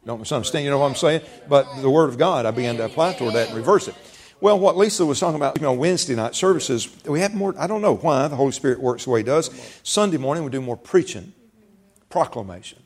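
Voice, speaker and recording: A man's voice: medium pitch, animated, quick pace. A man preaching a sermon as pastor, folksy, repeating words and rising for emphasis.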